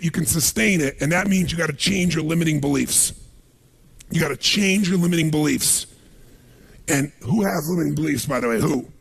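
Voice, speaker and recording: Raspy, gravelly man rallying a crowd. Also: fairly high pitch, a bit bright. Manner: punchy, emphatic, asks the audience questions. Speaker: motivational speaker. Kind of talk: live seminar speech to an audience.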